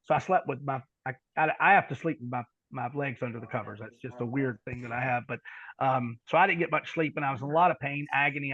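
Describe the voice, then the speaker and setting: A middle-aged man telling a long personal story on a podcast, halting and repeating words, then dropping into quiet asides. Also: a little high, dry recording, lo-fi sound. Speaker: podcast guest. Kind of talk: storytelling in conversation.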